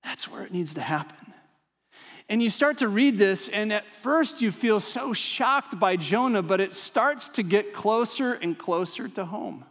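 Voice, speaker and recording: A man's voice: high-pitched, lively intonation, a little slow, a bit bright. A man preaching a sermon as a pastor, emphatic and dramatic, with casual conversational asides. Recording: long hall reverb.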